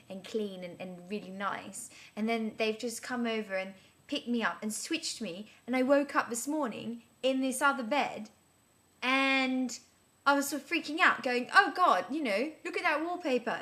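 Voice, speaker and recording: A woman's voice: medium pitch, a bit bright, natural voice. A woman, playing a flustered amnesiac in a scripted character vlog, who rambles with many restarts. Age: 30s. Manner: rambling, breathless, many restarts and filler words. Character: flustered woman in her thirties with amnesia, chatty and bewildered.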